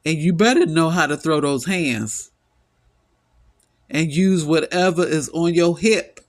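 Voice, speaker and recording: A middle-aged man delivers an impassioned solo monologue at a slow, deliberate pace. His voice sits a little high, and he sounds weary and emphatic. He hammers his points home through repetition. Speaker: vlogger.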